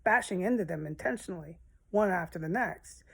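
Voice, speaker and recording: A woman's voice: lowish voice, expressive, a little fast, gravelly, breathy edge. A woman talking straight to her viewers in a rambling personal monologue, emotional and swearing often. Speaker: vlogger.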